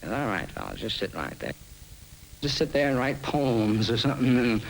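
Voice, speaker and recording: A tired, gruff working man scolds his loafing friends, as a man voices him in a film narration. He sounds worn out and grumbling. A faint hiss runs under the voice. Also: medium pitch, very animated, moderate pace, rough recording. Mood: weary scolding.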